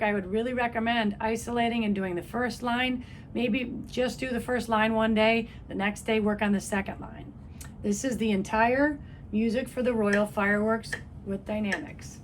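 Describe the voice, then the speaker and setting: A woman's voice: a little high, slight background noise. A woman music teacher giving a patient, step-by-step trumpet lesson, counting beats aloud. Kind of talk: instrument lesson video.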